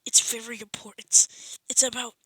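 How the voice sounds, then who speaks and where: A woman's voice: fairly high pitch, little pitch movement, normal speed, sharp tone, husky, no room sound, rough recording. A woman voicing an eager, anxious teenage boy hero who stammers urgently. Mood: urgent, flustered.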